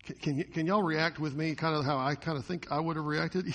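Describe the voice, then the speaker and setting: A man preaching a sermon as a pastor, animated, often acting out the voices of the people in the story. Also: on the high side, a little fast, hardly any pauses, in a large hall.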